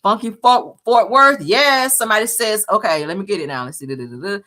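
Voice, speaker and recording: A woman hosts a casual live chat, sassy and blunt as she talks straight to her viewers. Her voice jumps up in pitch for emphasis, then drops low again, at an average pitch for a woman. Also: animated, brisk, bright, forceful tone. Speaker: livestream host.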